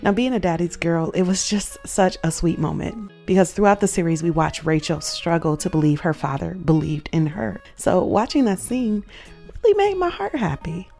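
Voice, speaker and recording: A woman's voice: lowish voice, normal speed, few pauses, mellow, soft background music. A woman hosting a show, earnestly telling a personal faith story, reflective and emotional at its peaks.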